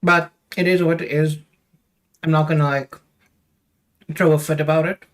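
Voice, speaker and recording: A man's voice: on the high side, little pitch movement, moderate pace. A young man chatting casually on a live stream, rambling with lots of fillers as he talks straight to his viewers.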